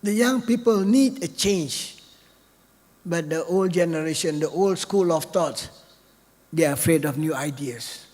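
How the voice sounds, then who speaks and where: A man's voice: fairly high pitch, measured pace, darkish tone. An older man, giving an off-the-cuff keynote speech in a chatty way that keeps checking in with the audience. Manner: chatty, asks the audience "right?" often. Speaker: keynote speaker. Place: large hall. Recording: long hall reverb.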